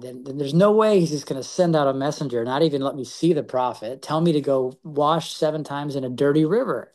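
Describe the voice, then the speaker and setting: A man's voice: mid-range voice, darkish tone. Earnest man leading a Bible study. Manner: halting, with frequent repeated words and restarts. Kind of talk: reading scripture aloud and reflecting.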